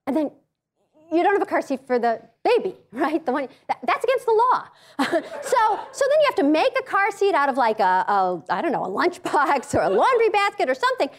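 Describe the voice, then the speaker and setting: A woman's voice: sits high, brisk. A middle-aged woman giving a humorous talk, telling stories with jokes and acting out other people's voices, pacing as she speaks. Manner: animated, jokey, acts out voices of others; paces while speaking.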